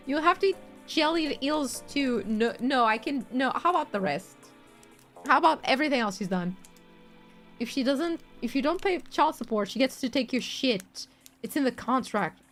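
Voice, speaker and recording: Bright-voiced high woman streamer. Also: expressive, normal speed, soft background music. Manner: playful, laughs often, swears. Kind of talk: casual chat with viewers.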